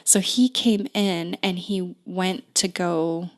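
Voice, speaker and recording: A woman in her thirties telling a personal story as a podcast guest, unhurried and full of "like" fillers and restarts. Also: lowish voice, steady tone.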